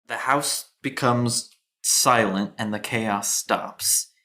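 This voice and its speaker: A man's voice: mid-range voice, slow, bright, forceful tone. A man narrating a tabletop fantasy game as game master, hesitant, with many ums and restarts.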